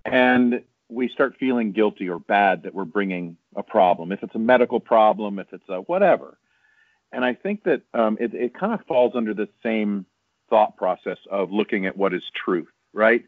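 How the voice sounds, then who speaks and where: A man as a guest, speaking earnestly and thoughtfully, with some halting restarts. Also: fairly low pitch, no echo. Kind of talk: reflective conversation. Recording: tinny phone line, dry.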